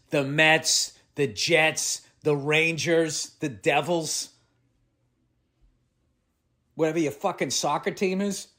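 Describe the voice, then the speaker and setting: A man, hosting a podcast in a loud, exasperated comedic rant full of swearing. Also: a little high. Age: 50s. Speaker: podcast host. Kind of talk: comedic ranting monologue.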